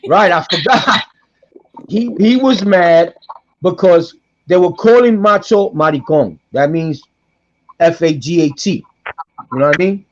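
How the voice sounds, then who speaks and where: Animated high-voiced man telling a story. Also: measured pace, pauses often, a little hiss or hum. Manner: animated, acts out quoted voices, repeats himself. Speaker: guest storyteller. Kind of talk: casual podcast storytelling. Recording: dull lo-fi podcast audio.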